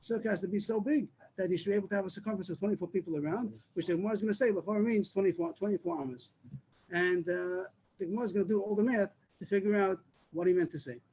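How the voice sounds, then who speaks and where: A man's voice: sits high, racing, a little mellow, breathy edge, low-quality recording. A man teaching a Talmud class over a video call, explaining step by step with repeated words and restarts. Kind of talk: Daf Yomi class.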